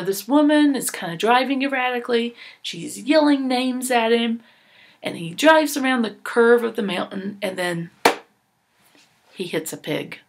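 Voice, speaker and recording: Woman, training presenter, mid-pitched voice, earnest, instructive, casual fillers. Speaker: volunteer trainer.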